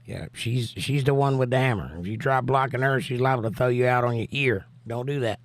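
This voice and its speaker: A man with a Southern US accent and a hoarse voice, hosting a livestream and reading chat comments aloud in an easygoing, drawling way. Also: mid-range voice, a little fast, no echo. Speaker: livestream host.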